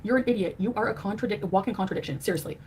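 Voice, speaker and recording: A woman's voice: medium pitch, racing, a little mellow, a little hiss or hum. A woman streamer in a heated livestream rant, angry and scornful, trading insults. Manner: angry, name-calling, scornful.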